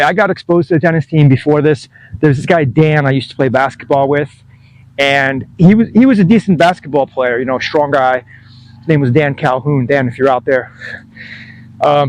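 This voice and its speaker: A man's voice: medium pitch, slight background noise, poor audio. A man in his fifties telling a rambling, self-deprecating story to camera, chuckling as he goes. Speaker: tennis vlogger.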